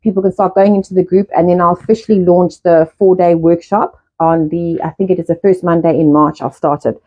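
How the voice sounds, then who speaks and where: A middle-aged woman hosting a casual live stream, talking fast in a rambling way and swearing often. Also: lowish voice, steady tone. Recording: dull lo-fi live-stream audio.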